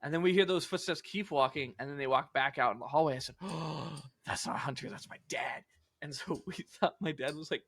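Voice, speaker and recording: A man's voice: medium pitch, bright, forceful tone, no room sound. A young man casually telling a long story on a podcast, rambling and swearing with lots of filler words. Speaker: podcast co-host.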